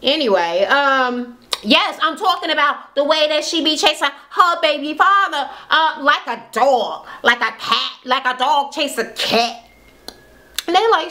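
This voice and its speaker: A woman's voice: high-pitched, very animated, moderate pace, sharp tone. A woman vlogger recapping a reality show in a casual, blunt, profane rant, acting out what other people said.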